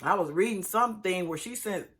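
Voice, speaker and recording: A woman's voice: mid-range voice, a little fast. A woman hosting casual recap commentary, chatty and emphatic, talking straight to her viewers.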